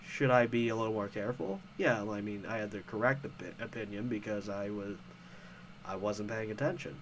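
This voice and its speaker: A man's voice: medium pitch, slight background noise. Profane, sarcastic man ranting. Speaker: host. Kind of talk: casual commentary rant.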